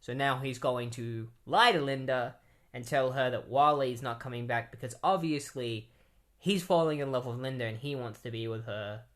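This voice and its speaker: A man's voice: medium pitch, moderate pace, fairly bright tone. Rambling man recapping comics. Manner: rambling, heavy use of "like" and "um". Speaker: comic book reviewer. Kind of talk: casual plot recap.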